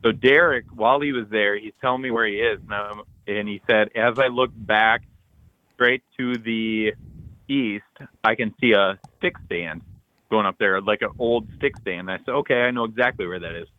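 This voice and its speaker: A man co-hosting a podcast, telling an excited hunting story full of acted-out quotes and loud bursts. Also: on the low side, moderate pace, no room sound, narrow, tinny audio. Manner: animated, loud bursts, frequent "like", acts out texts and quotes.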